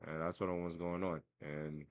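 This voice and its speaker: A man's voice: low-pitched, level tone, moderate pace, clean tone, dry recording, muffled recording. A young man telling a story as a casual, profane, self-mocking rant. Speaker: vlogger.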